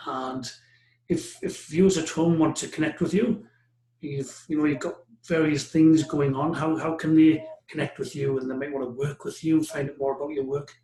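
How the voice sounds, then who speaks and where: A man's voice: fairly high pitch, fairly even intonation, moderate pace, warm tone. A man hosting an interview, enthusiastic and affirming toward his guest. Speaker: host. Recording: echoey room.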